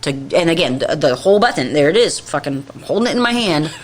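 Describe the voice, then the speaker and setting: A woman's voice: deep voice, expressive, fast talker. Profane, exasperated woman ranting. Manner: acts out her own past lines. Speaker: podcast co-host. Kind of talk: casual chat storytelling.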